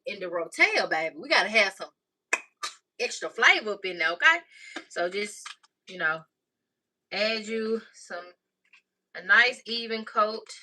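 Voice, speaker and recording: Calling everyone "y'all" and "baby," a woman chats casually as she leads a cooking tutorial at home. Her voice sits mid-range with a sharp tone, and the recording has a slightly distant mic and faint noise.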